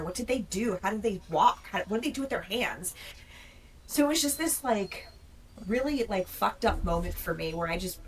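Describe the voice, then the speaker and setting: Profane, animated woman veteran storyteller. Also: fairly low pitch. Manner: animated, profane, self-mocking. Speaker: Army veteran guest. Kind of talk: podcast storytelling. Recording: distant mic with faint noise.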